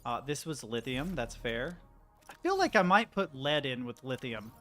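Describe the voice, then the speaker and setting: A man's voice: medium pitch, big pitch swings, moderate pace, bright, forceful tone, faint music behind. A young American man chatting casually to his stream while he plays a game. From United States. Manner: chatty, rambling, talks to chat. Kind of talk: casual gameplay commentary.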